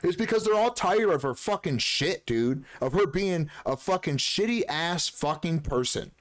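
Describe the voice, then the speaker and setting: A man live-streaming a game, talking casually and ranting heatedly with lots of swearing, sometimes mocking others in a shrill voice. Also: expressive, moderate pace.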